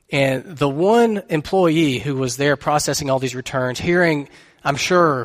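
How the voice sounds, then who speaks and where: A man's voice: on the high side, big-room sound. A man preaching a sermon as pastor, telling a story in an earnest, conversational way.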